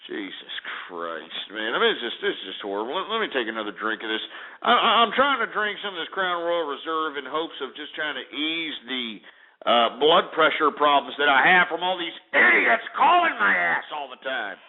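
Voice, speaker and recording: A man hosting a call-in radio show, ranting and hurling insults at callers in a fairly high voice. The sound is narrow and phone-like, like an old radio archive. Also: very animated, moderate pace. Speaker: radio talk show host. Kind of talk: call-in talk radio rant.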